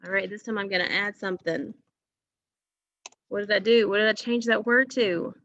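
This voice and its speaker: A woman teacher leading a phonics lesson for young children, speaking slowly and deliberately, stretching out words and praising the class often. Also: medium pitch, steady tone, fairly bright tone, muffled recording. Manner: slow, deliberate, encouraging, stretches words for emphasis.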